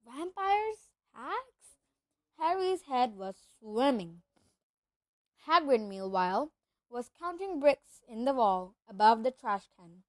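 High-voiced woman reading a storybook aloud. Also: a little slow, no room sound. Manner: steady narration with occasional slips and restarts. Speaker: reader. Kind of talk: storybook read-aloud narration.

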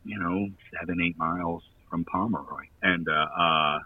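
A man's voice: low voice, fairly even intonation, normal speed, recorded from a distance, phone-quality sound. A man who plays in a touring band telling a long, rambling anecdote in casual chat, laughing often and using lots of fillers.

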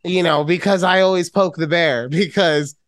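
A middle-aged man co-hosting a podcast in casual chat, loud and teasing, prone to sudden high-pitched outbursts. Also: fairly even intonation, normal speed, dry recording. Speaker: podcast co-host.

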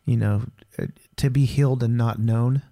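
A candid man talks through his thoughts on a podcast in a mellow, warm voice. He rambles and leans heavily on casual fillers. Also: medium pitch, fairly even intonation, moderate pace. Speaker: podcast co-host. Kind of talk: casual faith conversation.

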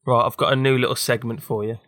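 A man's voice: mid-range voice, fairly even intonation, fast talker, over loud music. A young man hosting a casual podcast, sardonic and sweary. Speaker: podcast host. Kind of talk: casual chat.

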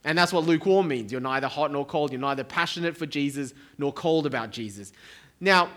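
A man's voice: on the high side, fairly quick, a bit bright. A middle-aged man preaching a sermon to a church congregation, with a conversational tone and joking asides. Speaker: pastor. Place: church hall.

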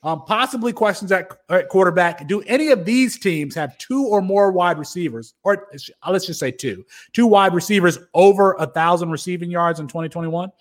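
A man's voice: high-pitched, normal speed, hardly any pauses. A man co-hosting a fantasy football podcast, arguing a case in mock-formal style and then chatting casually. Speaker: podcast co-host. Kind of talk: casual sports podcast chat with mock courtroom bits.

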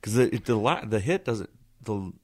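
A man's voice: lowish voice, animated, normal speed. A man chatting casually on a podcast in a loose, laughing way, often stopping and restarting his sentences.

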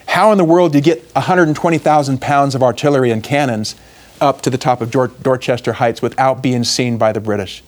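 Young male speaker, sermon-style history storytelling, lively asides. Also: mid-range voice. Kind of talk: religious talk on history.

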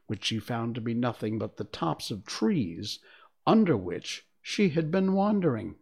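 A reader narrating a children's storybook in an expressive, lively way. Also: medium pitch. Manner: expressive, slipped once on a word.

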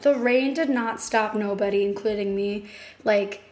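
A young woman with a hoarse voice co-hosting a podcast, chatty and joking with lots of fillers. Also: medium pitch, a little slow, a little mellow. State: hoarse, lost voice. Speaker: podcast co-host. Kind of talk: casual podcast chat.

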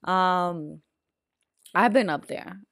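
A young woman with a slightly raspy, lowish voice chats casually on a podcast. She fills her sentences with ums as she talks. The recording is close and dry. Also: drawn-out words, no echo. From Puerto Rican. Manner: chatty, lots of ums. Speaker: podcast co-host.

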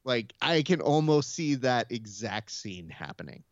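A man hosting a casual podcast chat with a lively, swinging pitch. He acts out quotes as he goes. The recording is dull and lo-fi, with a dry, close sound. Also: unhurried, few pauses, no room sound. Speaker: podcast host. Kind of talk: casual chat about combat sports.

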